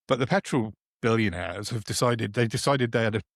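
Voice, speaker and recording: A man's voice: medium pitch, a little fast, no echo, clean studio sound. A man co-hosting a podcast, chatting casually and indignantly about the news, often restarting his sentences. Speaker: podcast co-host. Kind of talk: casual political chat.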